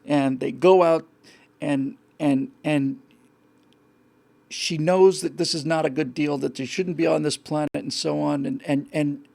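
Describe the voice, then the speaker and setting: A man's voice: a little high, steady tone, measured pace, darkish tone. A man hosting a show, talking casually and rambling about a film with many restarts. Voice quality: gravelly. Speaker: host.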